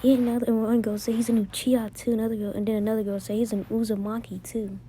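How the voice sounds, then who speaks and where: A woman's voice: on the high side, level tone, fast, dark tone, a little hiss or hum. A woman improvising a spoken fan story, rambling along with frequent restarts.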